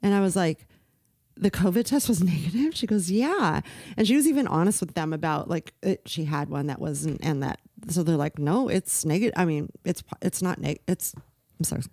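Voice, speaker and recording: A middle-aged woman co-hosting a podcast, telling a personal story in casual chat, animated and emotional, acting out the people she quotes. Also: sits low, fairly quick, no echo, clean studio sound. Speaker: podcast co-host.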